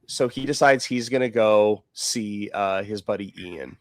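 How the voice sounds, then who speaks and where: A man's voice: lowish voice, measured pace, no room sound, studio quality. A man co-hosting a podcast, casually recapping a movie in rambling chat full of fillers. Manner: rambling, lots of fillers and acted quotes. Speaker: podcast co-host.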